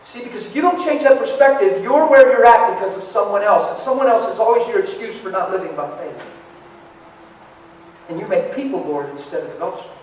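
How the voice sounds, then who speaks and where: A man's voice: high voice, animated, a little fast, slight background noise. A man preaching a sermon in an emphatic, conversational way, speaking directly to a crowd. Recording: echoey hall from far off.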